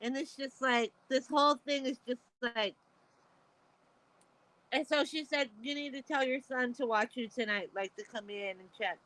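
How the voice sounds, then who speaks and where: A woman's voice: high voice, normal speed, a bit bright. A middle-aged woman chatting on a video call, telling rambling stories with frequent laughter and casual swearing. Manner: rambling, laughing storyteller who swears freely. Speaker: guest caller on a live stream. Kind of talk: casual chat.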